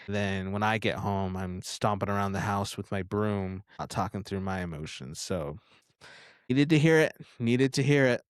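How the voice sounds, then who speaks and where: A man's voice: on the low side, moderate pace, clear, resonant tone, no room sound. Young male co-host, casual and thoughtful, resonant voice, dry close mic. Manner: reflective, self-critical, repeats phrases. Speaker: podcast co-host. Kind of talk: casual chat.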